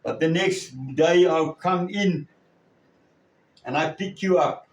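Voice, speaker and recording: A male preacher tells his sermon as a story, slowly and haltingly, with long pauses between phrases. His voice sits fairly high for a man. He is recorded from a distance in a strongly echoing room. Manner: slow, halting delivery with many pauses. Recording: echoey room, far from the mic.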